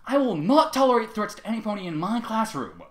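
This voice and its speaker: A man's voice: high voice, very animated, a little fast, reverberant, voice pushed up. A man voicing a cheerful but firm schoolteacher mare. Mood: stern.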